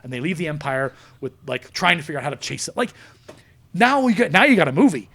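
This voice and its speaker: A man hosting a podcast in a studio, an excitable storyteller who acts out scenes in casual chat. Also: a little high, quick pace. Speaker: podcast host.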